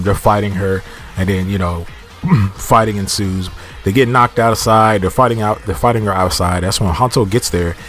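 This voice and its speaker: A man casually recapping a TV episode in a rambling, slangy way, often restarting his sentences. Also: on the low side. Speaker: TV episode reviewer.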